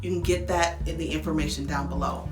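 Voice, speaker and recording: A woman's voice: sits low, fairly even intonation, fairly quick, reverberant, music in the background. A woman who is a speech language pathologist, giving upbeat, coaching advice to parents and demonstrating with exaggerated tones. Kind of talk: instructional talk to parents.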